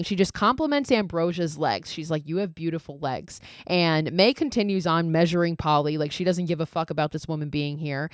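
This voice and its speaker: A woman hosting a podcast, casually retelling a horror movie scene by scene in an animated, profane way with frequent laughs. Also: fairly low pitch, clear, resonant tone, dry recording, clean studio sound. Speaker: podcast host.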